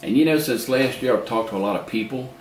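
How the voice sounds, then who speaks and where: A man's voice: medium pitch, fast. A man running for county council, telling a folksy, chatty story about local politics and acting out the voices of the people in it. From Maryland, USA. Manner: chatty, acts out quoted voices, repeats and restarts. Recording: roomy echo with faint background noise.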